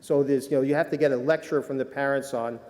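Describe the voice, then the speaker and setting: A man's voice: medium pitch, steady tone, fast, a little mellow. An older man, a sports medicine doctor, giving a rambling, self-deprecating conference talk full of fillers. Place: lecture hall. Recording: reverberant hall.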